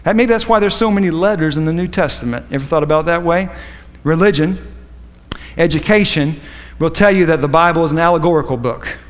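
A man's voice: a little high, fairly quick, big-room sound. A man preaching a sermon, fervent and repetitive, with rambling asides to the congregation.

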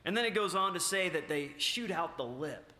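A man preaching a sermon, halting with many filler sounds and restarts, then rising with emphasis on key points. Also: on the high side, animated, sharp tone. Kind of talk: sermon with scripture reading. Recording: echoey room.

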